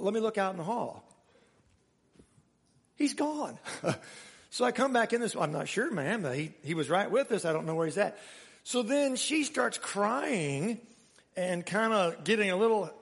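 A man's voice: high-pitched, creaky, long reverb tail. A man preaching a sermon, telling a story in a chatty way with laughs and asides.

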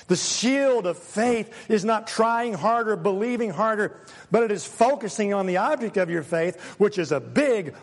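A high-pitched man preaching a sermon in a big reverberant hall. He preaches dramatically, acts out the voices he quotes and swings from soft, low lines to loud, fired-up ones. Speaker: pastor.

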